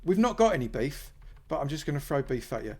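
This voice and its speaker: A man's voice: fairly high pitch, big pitch swings, fast talker. A man, giving casual, playful commentary while playing Minecraft and thanking supporters. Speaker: Minecraft YouTuber.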